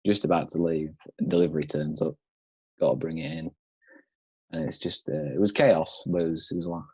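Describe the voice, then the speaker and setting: A man's voice: extremely low pitch, fairly even intonation, brisk, darkish tone, slightly rough, no echo, rough recording. A young man, co-hosting a casual podcast chat, blunt and laid-back in his banter. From Northern England. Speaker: podcast co-host.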